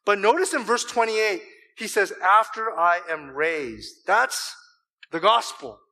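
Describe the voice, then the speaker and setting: Man, pastor, high voice, bright tone, animated sermon, playful asides. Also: slow, rough recording. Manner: animated preaching, voicing scripture quotes with emphasis; joking asides to the congregation.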